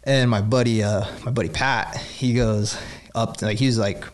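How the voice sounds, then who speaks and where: Young man telling a story casually, rambling with lots of filler words and getting animated. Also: fairly low pitch, moderate pace. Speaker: store employee telling a story.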